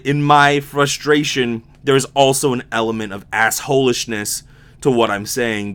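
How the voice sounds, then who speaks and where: A man's voice: medium pitch, a bit bright. A young man with a slight lisp and a sore mouth, hosting a casual solo podcast in a rambling, candid way with frequent swearing and restarts. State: sore mouth from impacted wisdom teeth. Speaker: podcast host.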